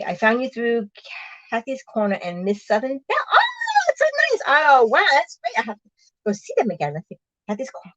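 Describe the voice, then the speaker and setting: A bubbly middle-aged woman chats on a live stream from a tiny room, greeting viewers and laughing often. The audio is dry and a bit dull, with no room echo, and her pitch sits in a middling range. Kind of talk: casual live-stream chat. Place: small room in her truck.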